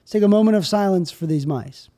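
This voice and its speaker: Rambling man hosting a solo podcast. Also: quick pace. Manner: absurd deadpan riffing, drifting in pitch and loudness. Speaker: podcast host.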